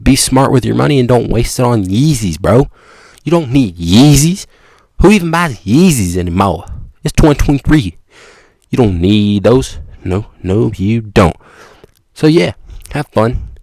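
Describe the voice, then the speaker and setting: A gravelly-voiced young man hosting a podcast excitedly rambles through an improvised comic story for the listener at normal speed. Sudden jumps in pitch and loudness punctuate it, and the recording is dry.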